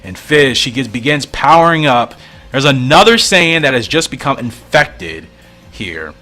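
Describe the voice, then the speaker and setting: A man's voice: medium pitch, very animated, measured pace, pushed and bright, faint music behind. A man reading a fan comic aloud and thinking aloud in a musing, often puzzled way. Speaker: comic reader and reactor.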